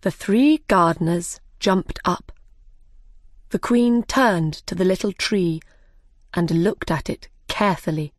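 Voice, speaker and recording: Learner-story narrator: woman, slow and clear, dry close mic. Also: on the low side, no echo. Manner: clear, deliberate.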